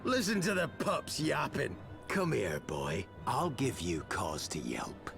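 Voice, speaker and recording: An actor playing a menacing, bullying street thug in a video game cutscene, with a gravelly, sneering voice. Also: male voice, mid-range voice, very animated, slow pace, over music, full character voice.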